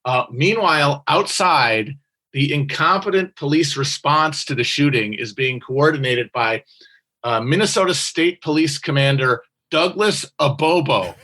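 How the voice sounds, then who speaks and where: Bright-voiced man musing with many fillers. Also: on the high side. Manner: halting, filler-heavy analytical musing. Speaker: podcast co-host. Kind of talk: casual political commentary.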